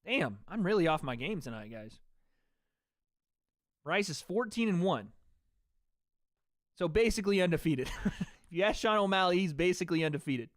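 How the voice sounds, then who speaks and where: Man, livestream fight commentary, chatty, swearing, somewhat high voice, dry close sound. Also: lively intonation, moderate pace, pauses often, no room sound. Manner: chatty, swears freely, talks to chat between calls. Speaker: livestream host. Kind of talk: fight watch-party commentary.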